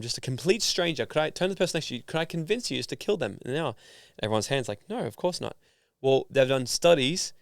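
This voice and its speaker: A man from Australia, a guest on an interview podcast, telling a story in a casual, animated way and acting out the voices of people in it. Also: mid-range voice, clean tone, no room sound, clean studio sound. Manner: animated, acts out voices in his stories. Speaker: guest, personal development founder.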